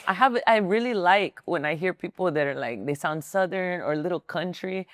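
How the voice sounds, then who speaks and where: Low-voiced chatty woman podcast host. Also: animated, fairly quick, dry recording, studio quality. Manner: chatty, giggly, filler-heavy. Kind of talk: casual interview chat.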